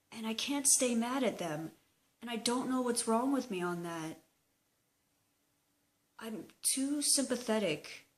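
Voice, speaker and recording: A young woman talking slowly and hesitantly in a personal video diary, open and emotional. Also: medium pitch. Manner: slow, hesitant, emotional confessional talk. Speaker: vlogger.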